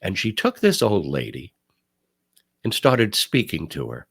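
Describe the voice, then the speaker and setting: An older man hosting a talk show, telling stories and giving commentary in an emphatic, animated way. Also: low voice, a little slow, creaky, husky. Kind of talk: casual commentary.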